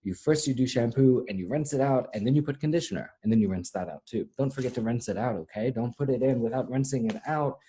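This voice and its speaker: A man teaching a French vocabulary lesson, slowly repeating each word for learners and mixing in English explanations. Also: medium pitch, mellow. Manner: slow, patient repetition of words for learners to echo. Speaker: language teacher.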